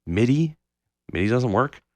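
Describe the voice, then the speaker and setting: A man co-hosting a podcast, ranting in casual, profane, animated chat. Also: medium pitch, unhurried, no room sound. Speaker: podcast co-host.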